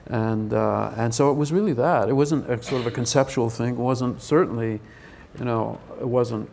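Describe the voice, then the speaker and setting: Hesitant older man with a creaky voice. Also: medium pitch, normal speed, a little mellow, slight background noise. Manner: rambling, hesitant with many restarts. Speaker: film director. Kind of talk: press event Q&A.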